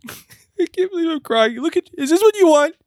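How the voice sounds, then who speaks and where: A man's voice: very high-pitched, expressive, brisk, no echo, clean studio sound. A man voicing a whiny, tearful girlfriend stuck in lockdown in an improvised comedy sketch. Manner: whiny, passive-aggressive, tearful.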